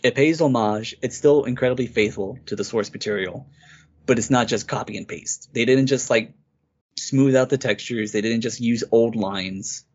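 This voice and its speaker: A man's voice: mid-range voice, normal speed, a little mellow. A man co-hosting a podcast, casually and eagerly retelling a game's story in a rambling way. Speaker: podcast co-host. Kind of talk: casual game review chat. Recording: dull lo-fi recording.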